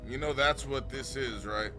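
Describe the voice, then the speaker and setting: A man streaming a video game, telling a profane story in an animated way and bursting into shouts. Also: medium pitch, moderate pace, over music. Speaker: Twitch streamer and comedian. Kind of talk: profane storytelling while gaming.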